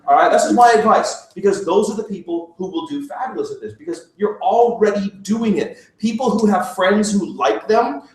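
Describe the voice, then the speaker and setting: A middle-aged man joking his way through a talk to a group, full of fillers and quick self-mocking asides. His voice sits fairly high and is caught from across a big echoing room, well away from the mic. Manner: chatty, self-mocking, laughs often, lots of fillers. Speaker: presenter at a business opportunity meeting. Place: meeting room. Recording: echoey room, voice far from the mic.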